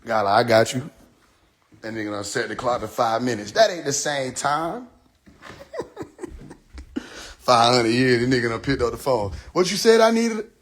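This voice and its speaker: A man talking on a phone livestream in a loose, animated rant, swearing freely and laughing at his own jokes. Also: medium pitch, a little fast. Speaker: live streamer.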